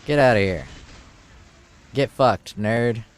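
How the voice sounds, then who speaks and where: A man casually commenting on his gameplay as a streamer. He swears freely, gets excited, and reads item text aloud. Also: medium pitch, slow pace. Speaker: game streamer.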